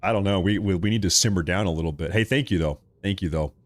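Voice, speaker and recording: A man's voice: low-pitched, fast talker, dry recording. Joking man hosting a live political stream. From Oregon. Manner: joking, animated rants, laughs often. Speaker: political livestream host.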